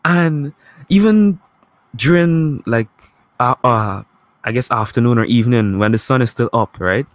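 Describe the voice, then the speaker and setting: Dude hosting a chat, animated, trips over his words, dry close mic. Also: mid-range voice, moderate pace, no echo. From Caribbean. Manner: animated, stumbles over starts. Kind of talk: casual podcast chat.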